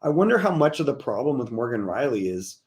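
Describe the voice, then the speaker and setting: Male hockey host, mid-pitch, easygoing and chatty, reads viewer comments. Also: sing-song, fast talker. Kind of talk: casual sports talk.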